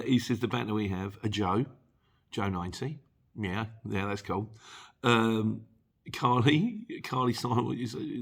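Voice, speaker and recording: With a fairly low, fairly bright voice that has a breathy edge, a middle-aged host works through viewer questions in a casual Q&A. He is chatty and jokey and chuckles often as he reads comments.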